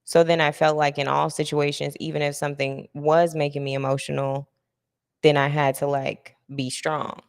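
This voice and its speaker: A woman's voice: low-pitched, level tone, normal speed, creaky, smooth, big-room sound. A young woman hosting a casual podcast chat, talking candidly and reflectively, laughing easily. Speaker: podcast host.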